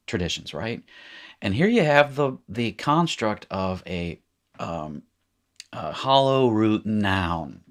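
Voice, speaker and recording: Low-voiced man teaching a casual lesson. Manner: chatty, joking asides. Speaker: Hebrew teacher. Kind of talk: recorded lecture.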